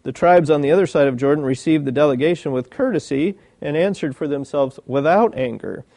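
A man delivering a sermon, moving between reading old commentary and asking his hearers questions. His voice is gravelly and warm, pitched a little high. The sound is dry and close. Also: a little fast, no echo. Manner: reads old commentary aloud, breaks off to ask the listeners questions. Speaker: preacher.

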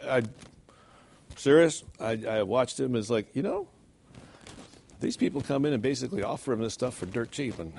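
A man preaching a sermon in a church, animated and rhetorical, often checking in with "okay?". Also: mid-range voice, gravelly, a little hiss or hum. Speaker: pastor.

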